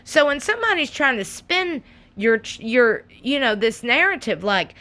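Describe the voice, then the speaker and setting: A woman hosting her own channel, talking straight to her viewers in a sassy, animated, casual commentary. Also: high voice, a little slow.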